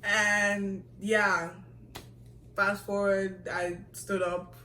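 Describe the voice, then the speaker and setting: A young woman from the United States telling a story in a casual vlog Q&A, animated and quick to laugh. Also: medium pitch, reverberant, distant mic, slight background noise, rough recording. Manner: animated, acts out quoted voices, laughs often. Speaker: vlogger.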